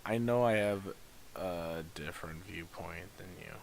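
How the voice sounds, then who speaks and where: Young dude cohosting, super deep gravelly voice, slow and halting, little hiss. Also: male voice. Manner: slow, hesitant, lots of fillers like "like". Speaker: podcast co-host. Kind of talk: casual chat. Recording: faint hiss.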